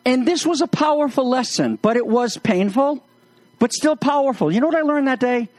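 A man's voice: very high voice, expressive, moderate pace, dry recording. A man preaching a sermon, mixing jokes and anecdotes into his teaching. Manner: humorous, anecdotal storytelling. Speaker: pastor.

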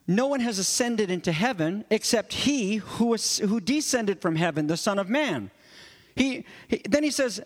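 A man preaching an expository sermon, his voice rising for emphasis and dropping low for quiet asides. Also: big-room sound. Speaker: pastor.

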